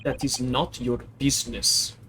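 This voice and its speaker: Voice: medium pitch, flat delivery, lightly acted. A streamer voicing a rude, burly male ship crewman with a mock Russian accent in a video game reading, using clipped broken English. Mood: haughty. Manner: gruff, clipped broken English, slow and loud.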